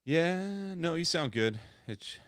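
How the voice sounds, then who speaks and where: A man's voice: fairly high pitch, lively intonation, slow pace, fairly bright tone, clean tone, no echo, clean studio sound. A man co-hosting a casual podcast over a remote call, talking in a rambling way with many restarts. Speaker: podcast co-host.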